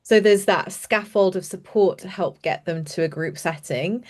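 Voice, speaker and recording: A woman's voice: fairly low pitch, moderate pace. Chatty woman on a video call. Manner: enthusiastic, chatty, trails off and restarts often. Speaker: youth participation practitioner, guest speaker. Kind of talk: animated storytelling in an online panel.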